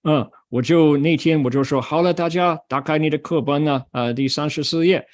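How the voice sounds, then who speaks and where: A man's voice: on the high side, moderate pace, few pauses. An older man giving a Buddhist Dharma talk, telling a story and acting out the people in it. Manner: switches between Mandarin and English, acts out quoted voices.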